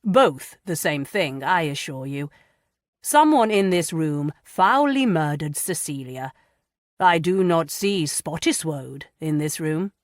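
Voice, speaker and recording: A woman voicing a haughty, sardonic nobleman in an audiobook, low in her range and measured. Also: lively intonation, no echo, clean studio sound. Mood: derisive. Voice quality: cool, sardonic. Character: haughty middle-aged male marquis.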